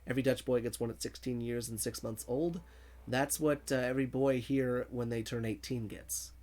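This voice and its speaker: A man's voice: medium pitch, steady tone, normal speed, darkish tone. A man streaming a video game, chatting casually, reading viewer messages aloud and laughing often. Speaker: gaming streamer. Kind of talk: casual livestream commentary.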